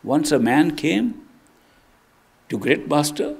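An older man, a spiritual teacher, giving a devotional discourse in an earnest, reflective storytelling manner that swings between soft and emphatic. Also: on the high side, big pitch swings, slow pace, gravelly, husky.

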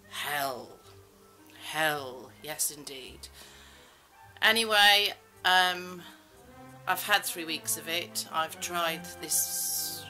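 A woman's voice: deep voice, poor audio. A middle-aged woman vlogging in a rambling, self-mocking way, full of fillers. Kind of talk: casual chat.

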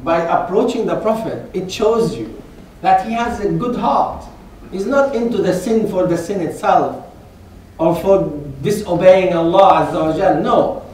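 A man's voice: sits high, measured pace, a little mellow, slight background noise. A man giving a Friday sermon in a mosque, telling a story with emphatic delivery and switching between recited Arabic and English explanation. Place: mosque prayer hall. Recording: very echoey hall, mic far off.

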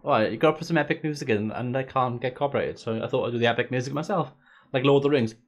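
A man's voice: mid-range voice, very fast. A man chatting casually on a gaming live stream. He jokes, swears freely and talks to his viewers as he goes.

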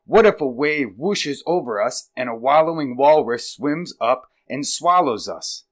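A man's voice: mid-range voice, lively intonation, a little slow, voice pushed up, close to an everyday voice. A man voicing a worried female wombat in a children's story, wailing anxious questions.

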